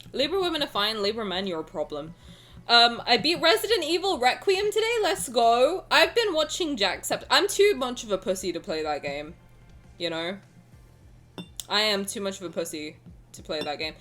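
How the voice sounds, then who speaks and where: Young woman streamer rambling to chat, voice jumps all over the place, soft music behind. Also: medium pitch. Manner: chatty, playful, swings between loud bursts and mumbling. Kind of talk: casual chat with live chat.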